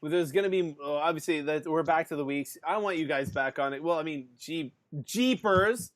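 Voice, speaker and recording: A man with a slightly high voice hosts a podcast in loose casual chat. He rambles through stories, leans on fillers and keeps breaking into laughs. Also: normal speed, background noise. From Canada. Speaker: podcast host.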